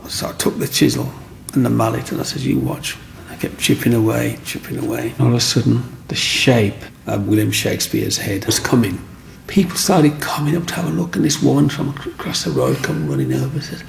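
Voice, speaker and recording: A man's voice: mid-range voice, lively intonation, a little fast, vocal fry, a little hiss or hum. A middle-aged man, telling his own story in an interview and acting out what other people said.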